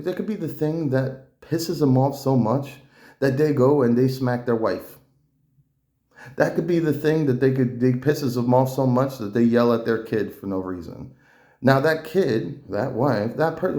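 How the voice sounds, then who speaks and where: Blunt, profane male vlogger with a mellow, dark voice, recorded in an echoey room. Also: medium pitch. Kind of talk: casual opinion monologue.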